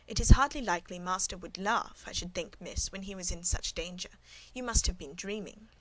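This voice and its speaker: A woman's voice: lowish voice, brisk, a little hiss or hum, natural voice, low-quality recording. A woman reading as a cool, guarded maidservant. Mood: composed. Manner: calm, demure, matter-of-fact. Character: guarded middle-aged female servant, coolly composed.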